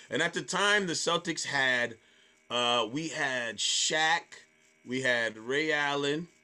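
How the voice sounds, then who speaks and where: A man in his thirties, a stand-up comedian, telling a story in a casual, animated way, often swearing and repeating words. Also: fairly high pitch. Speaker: stand-up comedian, podcast guest.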